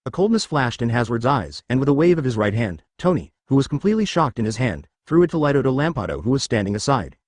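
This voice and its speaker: A man's voice: mid-range voice, very animated, fast talker, few pauses, a little mellow, no echo, clean studio sound. A man reading a web novel aloud as narrator, dramatic with stiff translated phrasing.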